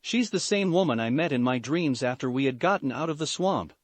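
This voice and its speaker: A man voicing a proud young princess, thinking to herself quietly. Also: mid-range voice, lively intonation, a little fast, no echo, close to an everyday voice. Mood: brooding. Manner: quiet, inward.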